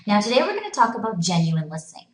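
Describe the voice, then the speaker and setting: Woman teacher narrating a video lesson, instructive and clear, recorded in a reverberant room. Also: medium pitch, huge pitch swings, racing. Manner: clear instructive classroom delivery. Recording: echoey room.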